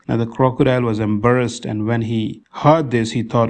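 A man reading a folk tale aloud as a podcast storyteller, in a measured, steady way. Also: medium pitch.

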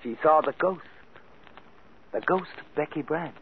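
A man's voice: fairly high pitch, lively intonation, unhurried, vocal fry, husky, heavily acted. An actor playing a mysterious, theatrical male composer in a 1940s radio drama. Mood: ominous. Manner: portentous, mysterious. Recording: phone-like old radio recording.

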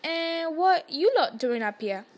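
A woman's voice: sits high, animated, measured pace, soft background music, voice pushed up. A woman doing a shifty big gamekeeper. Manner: shifty, hushed.

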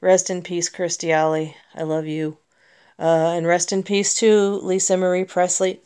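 American woman with a smooth, resonant voice. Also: on the low side, level tone, a little slow, darkish tone. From United States. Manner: emotional and rambling, many restarts. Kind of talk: personal vlog monologue.

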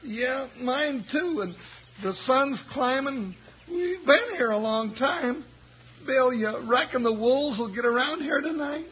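A squeaky, high-pitched cowboy sidekick, excitable and full of bluster, with a folksy twang. He comes through a muffled old radio broadcast with a faint hiss. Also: slow. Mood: worried. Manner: excitable, blustering when angry. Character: excitable loyal cowboy sidekick, older man. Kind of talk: 1950s radio western acting.

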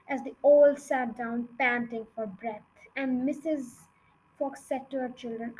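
A woman reading a children's book aloud in an expressive, dramatic way. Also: high-pitched, measured pace, rough recording. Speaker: reader.

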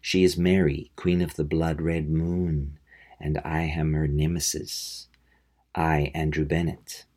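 A man reading the lines of a tormented male vampire in a slow, solemn, dramatic way. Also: a bass voice, flat delivery, darkish tone, full character voice. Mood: solemn brooding.

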